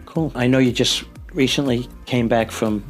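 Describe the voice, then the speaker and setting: A man's voice: medium pitch, steady tone, moderate pace, faint music behind. A man hosting a casual interview, giving short, affirming comments and asking brief questions. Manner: affirming, brief enthusiastic prompts. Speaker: interviewer, host.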